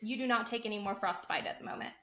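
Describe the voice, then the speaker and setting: Bright-voiced woman running a tabletop game. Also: medium pitch, fast. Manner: playful, giggly narration. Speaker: game master. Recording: roomy echo, faint noise.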